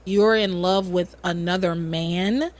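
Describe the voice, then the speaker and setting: A woman hosting a podcast in a casual chat, animated and swearing casually as she recaps. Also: fairly low pitch, takes it slowly. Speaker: podcast host recapping a soap opera.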